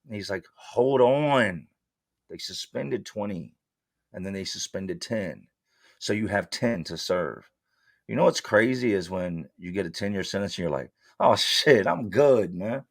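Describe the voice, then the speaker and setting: Low-voiced guy telling his story straight up, blunt street talk, dry close sound. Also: expressive, normal speed, vocal fry, no echo. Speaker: interview guest. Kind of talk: candid storytelling.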